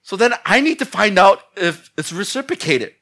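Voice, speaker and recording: A male pastor giving a humorous sermon, telling stories in an animated, blunt, joking way, often laughing and mimicking people. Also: high-pitched, normal speed.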